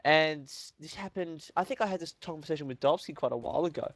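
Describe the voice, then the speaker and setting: Young male co-host, a bit high voice, dry close sound, animated storyteller who swears a lot. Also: quick pace, no echo. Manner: animated, swears often, acts out quotes. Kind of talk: casual storytelling chat. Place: home room.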